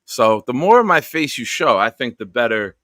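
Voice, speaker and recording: Male stream host, bright tone, dry close mic, playful roll-call delivery. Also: mid-range voice, very animated, normal speed, dry recording. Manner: jokey, upbeat roll call of viewers. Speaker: show host. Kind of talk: casual live-stream chat.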